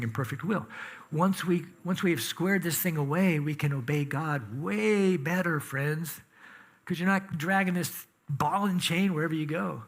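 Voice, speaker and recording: A man preaching a sermon in a church, talking conversationally and with emphasis, asking the congregation questions. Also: on the high side. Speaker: pastor. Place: church sanctuary.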